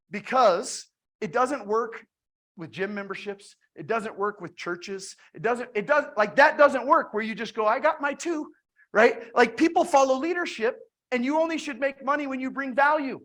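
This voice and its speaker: A woman giving a motivational direct-sales talk, retelling her conversations with lots of restarts and repeated words. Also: on the high side. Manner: energetic storytelling with frequent restarts.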